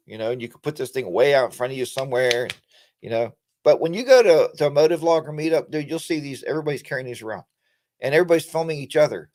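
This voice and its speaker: A middle-aged American man hosts a casual motorcycle live-stream, rambling along with plenty of fillers and restarts. He talks fast in a medium-pitched, slightly mellow voice.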